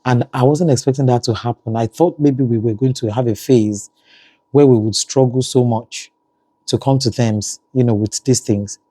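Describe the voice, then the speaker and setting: A man's voice: mid-range voice, steady tone, moderate pace, warm tone, breathy edge, dry recording. A man with a Nigerian accent, talking casually in a family vlog and often saying "you know". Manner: conversational, frequent "you know" fillers. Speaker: family vlogger.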